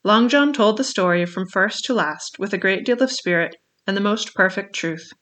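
A man narrating a classic adventure novel in a measured storytelling manner. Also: sits high, sharp tone. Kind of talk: audiobook reading of a classic novel.

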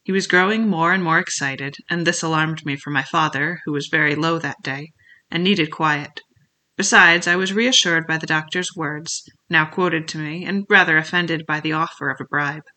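Bright, measured audiobook narrator. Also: mid-range voice, steady tone.

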